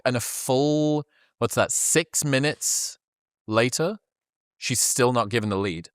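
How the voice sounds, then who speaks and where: A man's voice: mid-range voice, takes it slowly, fairly bright tone, dry recording, studio quality. A man hosting a casual podcast who jokes and swears casually as he reads something off the screen.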